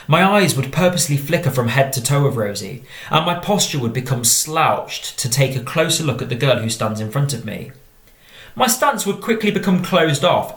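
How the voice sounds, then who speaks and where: A man with an English accent, a drama teacher reading out and explaining model exam answers in a measured tone. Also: medium pitch, fairly bright tone. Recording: echoey room.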